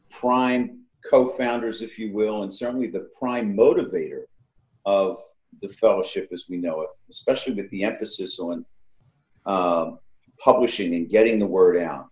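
Man, low voice, hesitant and sincere, echoey room sound. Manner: hesitant, halting, admiring. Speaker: discussion participant. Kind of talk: casual conversation.

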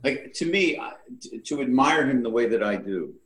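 A man in casual conversation, speaking haltingly and with admiration. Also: mid-range voice, very animated, a bit bright. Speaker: discussion participant. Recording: echoey room.

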